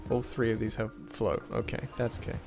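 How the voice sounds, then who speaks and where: Gravelly man thinking aloud over game music. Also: mid-range voice, level tone, fairly quick. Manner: muttering to himself while thinking aloud, self-deprecating. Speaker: gameplay commentator. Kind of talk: casual puzzle game commentary.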